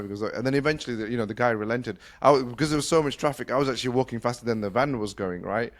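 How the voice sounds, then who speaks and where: A middle-aged man from the UK, hosting a casual conversation and telling a story fast, with lots of restarts. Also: medium pitch. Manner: fast-talking, full of restarts. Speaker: podcast host.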